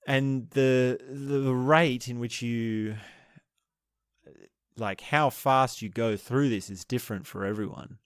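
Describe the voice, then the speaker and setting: A man guides listeners through breathing techniques, explaining each stage patiently with measured pauses and the odd restarted phrase. His voice sits at an ordinary middle pitch and moves at a slow, unhurried pace. The recording is dry, with almost no room sound. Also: no room sound. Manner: explains step by step, demonstrating laughter breathing aloud. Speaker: meditation and breathing teacher. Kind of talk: spoken lesson on breathing techniques.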